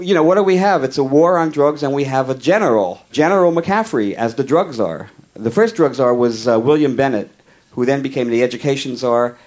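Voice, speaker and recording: A man at an ordinary middle pitch tells a rambling comic story, wry and conversational. He slips jokes in as deadpan asides, as if they were just part of the facts. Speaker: comedian. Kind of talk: storytelling comedy monologue.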